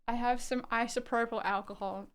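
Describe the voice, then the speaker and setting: A woman's voice: fairly high pitch, fairly even intonation, moderate pace. An Australian woman streaming live, chatting casually and rambling as she reacts to her chat and swears freely.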